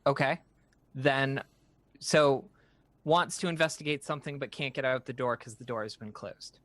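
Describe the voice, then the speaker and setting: A man's voice: medium pitch, steady tone, moderate pace, a bit bright, no room sound. Tentative male player thinking aloud. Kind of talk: playing a tabletop game on a live stream.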